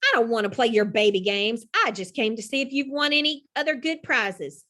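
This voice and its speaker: A woman's voice: fairly high pitch, brisk, pushed and bright. A woman voicing a scornful boy bully in second grade, reading a storybook aloud. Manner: scornful, taunting.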